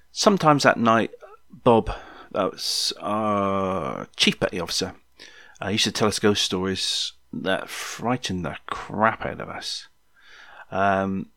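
A man's voice: sits low, fairly bright tone, no echo, clean studio sound. A man in his sixties, casually telling a memoir story in a rambling, jokey way, with many ums and asides to the listener. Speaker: podcast storyteller.

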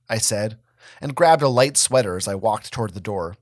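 A man giving a dramatic reading of a first-person story, expressive and wry. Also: on the low side, moderate pace, no echo, clean studio sound. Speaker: reader of a fan story.

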